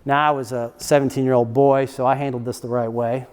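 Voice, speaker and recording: A man's voice: medium pitch, little pitch movement, a little fast, a little mellow, clear, resonant tone, big-room sound. A man speaking as a guest lecturer to a campus audience, in a casual, chatty storytelling way. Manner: casual, chatty, laughs at his own stories.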